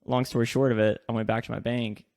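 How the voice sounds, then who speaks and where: A man's voice: mid-range voice, flat delivery, fast talker, darkish tone, no echo, clean studio sound. A man co-hosting a podcast, telling a long anecdote in loose, casual chat, swearing freely and laughing as he goes. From lives in Texas. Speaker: podcast co-host.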